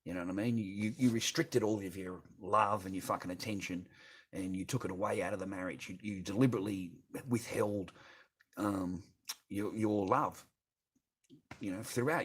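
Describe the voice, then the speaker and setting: A middle-aged Australian man with a fairly low voice, chatting on a livestream. He rambles in a bitter, profane way and swears in nearly every sentence. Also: steady tone, moderate pace, slightly rough. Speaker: livestreamer reading chat. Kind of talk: casual rambling livestream chat.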